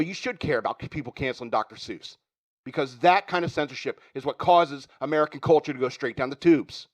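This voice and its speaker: A man hosting a podcast, ranting bluntly and with profanity, a slight sore throat in his voice. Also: mid-range voice. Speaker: podcast host.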